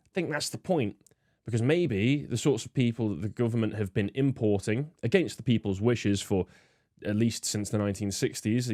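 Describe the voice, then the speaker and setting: A man's voice: on the low side, a little mellow, no room sound, clean studio sound. A man hosting, giving disdainful political commentary with many fillers. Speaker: host.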